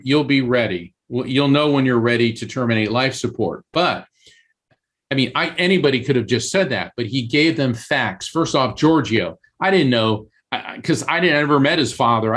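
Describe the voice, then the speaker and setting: A man speaks as a podcast guest, telling stories with lively swings in pitch. His voice sits in an ordinary middle register. He often stops and restarts his sentences while he builds the story. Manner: animated, with sudden pitch jumps and halting restarts. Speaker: guest medium and author.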